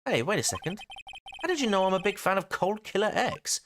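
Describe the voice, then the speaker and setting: A man's voice: sits high, sing-song, brisk, noisy background, pitched above the performer's own voice. A man reading aloud a nervous, stammering young man on the witness stand in a game. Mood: evasive. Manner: stammering, hesitant.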